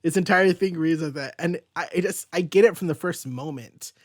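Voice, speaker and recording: A man's voice: fairly high pitch, a little fast, dry recording, clean studio sound. A man hosting a casual comic book review chat, rambling and thinking aloud as he goes. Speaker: host.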